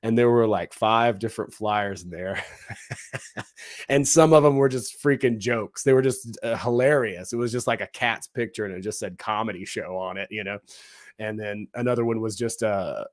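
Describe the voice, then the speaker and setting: A man with a low voice chats casually as a co-host. He talks in an animated way, slipping into quoted voices and leaning on fillers. The sound is dry and close. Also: moderate pace, no echo. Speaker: co-host, comedy show producer. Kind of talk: casual conversational chat.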